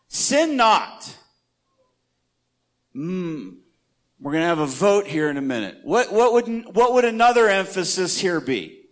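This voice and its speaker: A man's voice: high voice, no echo. A man teaching an interactive church Bible study, asking the group questions in a conversational, emphatic way.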